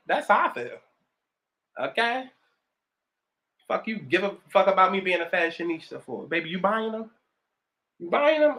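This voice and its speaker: Doing her makeup at home, this roughly thirty-year-old vlogger with a New York accent keeps up a sassy, profanity-heavy get-ready-with-me chat. Her voice is medium in pitch and a little bright.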